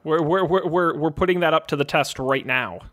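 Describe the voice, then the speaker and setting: A man hosting a casual tech podcast, talking quickly and joking with his co-hosts. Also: fairly high pitch, fairly bright tone. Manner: quick, joking, plugs the show. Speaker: podcast host.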